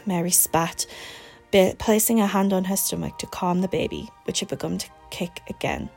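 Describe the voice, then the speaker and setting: A woman's voice: on the low side, a little fast, soft background music. Woman reading a story aloud. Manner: expressive, acts out dialogue in different tones. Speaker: audiobook reader. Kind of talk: storybook narration.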